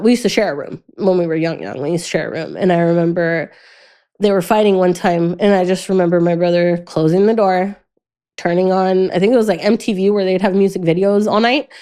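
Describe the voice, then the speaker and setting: This podcast guest, a young adult woman with a lowish voice, speaks openly about a painful chapter of her life. Her speech stops and restarts repeatedly, and she falls silent during the hardest parts.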